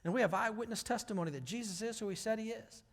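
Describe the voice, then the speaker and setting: A male pastor giving a sermon to his church, talking conversationally and rising to loud, emphatic passages. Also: high voice, fast. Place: church sanctuary. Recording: hall reverb.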